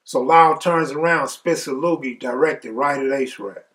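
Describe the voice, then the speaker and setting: A man's voice: mid-range voice, normal speed, hardly any pauses, a bit bright, far from the mic. A man casually telling a personal story in profane, laid-back street talk.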